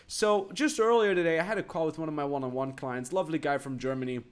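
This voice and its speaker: A man hosting his own podcast as a business coach, delivering a motivational rant that swings from hushed asides to loud emphatic bursts and stacks repeated phrases. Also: fairly high pitch, fast talker, smooth.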